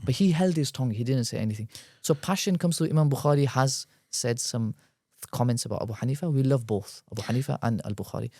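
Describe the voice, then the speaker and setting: A guest scholar speaks at length on a podcast discussion, explaining things in a quick, animated way and weaving in Arabic terms. His voice is medium in pitch, and the recording is clean studio sound without room echo.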